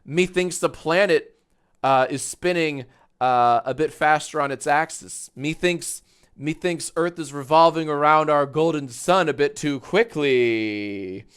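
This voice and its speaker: A man putting on a pompous young man who muses grandly about time in a slow, mock-lofty way. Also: fairly high pitch, a bit bright, clean tone.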